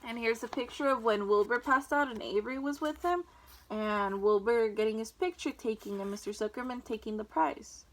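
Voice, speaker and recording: A woman reading a children's book aloud with clear, expressive storytelling. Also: on the high side, moderate pace, poor audio.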